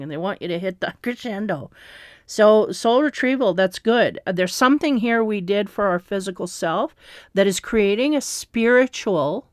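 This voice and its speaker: A woman giving a spiritual tarot reading in a slow, meandering, reassuring way, with fillers and soft laughs. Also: mid-range voice, no room sound, clean studio sound. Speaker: tarot reader.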